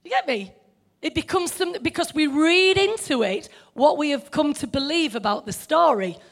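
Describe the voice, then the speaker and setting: A woman's voice: high-pitched, expressive, moderate pace. A middle-aged woman preaching a sermon in a conversational way, asking the listeners questions.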